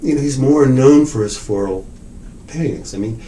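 A man's voice: mid-range voice, normal speed, slight background noise, low-quality recording. An older man, an art dealer, telling stories in an oral history interview, acting out quoted lines and swearing freely. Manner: animated storyteller, acts out quotes, swears.

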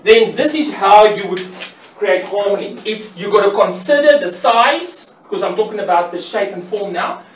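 A man's voice: high voice, moderate pace, slight background noise. A man teaching graphic design in a classroom lecture, explaining step by step, repeating key words and asking questions he then answers himself. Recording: roomy echo, voice from far off the mic.

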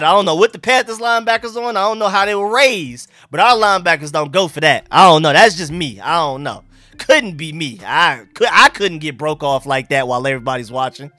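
Excitable high-voiced man reacting live. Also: fairly quick, no room sound, faint music behind. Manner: excitable, joking, talks to chat. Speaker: sports fan livestream host.

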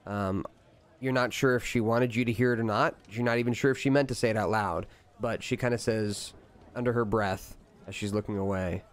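Relaxed male game master. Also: fairly low pitch, fairly quick. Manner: relaxed, laughing, with fillers. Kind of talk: narrating a tabletop game.

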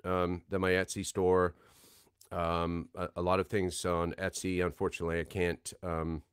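A man's voice: lowish voice, fairly bright tone, smooth, dry recording, studio quality. A man hosting a casual livestream signing, chatting loosely with lots of ums and reading names and comments from the chat.

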